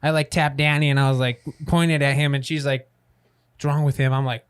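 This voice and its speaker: A man's voice: medium pitch, flat delivery, fairly quick, clean tone. A man co-hosting a podcast in a studio, retelling events casually with lots of "like" and swearing. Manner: profane, filler-heavy, chiming in. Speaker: podcast co-host. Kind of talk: casual storytelling.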